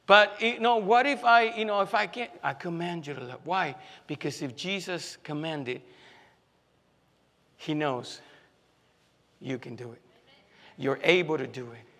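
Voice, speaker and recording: A man with a fairly high voice, preaching in a loose, conversational way. He repeats key phrases for emphasis and leans on fillers, and his voice rings out with a long reverb in a church sanctuary. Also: measured pace, creaky, pauses often, sharp tone. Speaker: pastor. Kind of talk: sermon.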